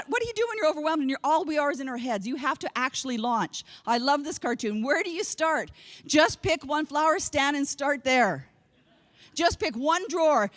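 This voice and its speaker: Canadian woman doing a funny keynote, high voice jumping all over, big echoey hall. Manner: animated storyteller acting out quotes. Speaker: keynote speaker. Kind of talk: humorous keynote speech. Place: large conference hall.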